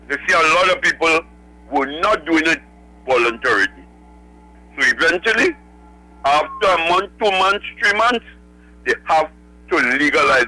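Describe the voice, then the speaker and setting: Bright high-voiced caller. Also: male voice, poor audio. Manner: rambling, lists numbered points. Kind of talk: phone-in call.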